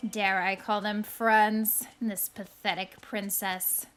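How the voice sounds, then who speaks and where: Slow, bright-voiced woman with haughty queen airs. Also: mid-range voice, flat delivery. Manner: haughty, mocking evil-queen persona. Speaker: streamer. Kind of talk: in-character gameplay commentary.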